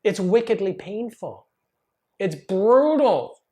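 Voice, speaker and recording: A man's voice: high voice, sing-song, slow, darkish tone, voice pushed up, heavily acted. A man voicing a male client who insists emphatically that his back pain is severe. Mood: insistent.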